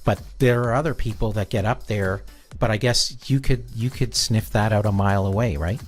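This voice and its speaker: Conversational male host, low voice. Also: moderate pace, soft background music. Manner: conversational, thoughtful questioning. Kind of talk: interview questions.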